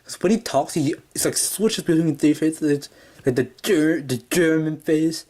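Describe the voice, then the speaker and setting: A man's voice: on the high side, moderate pace, warm tone. A man casually reviewing a toy, rambling with lots of fillers and restarts. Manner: rambling, full of "yeah" and "kinda".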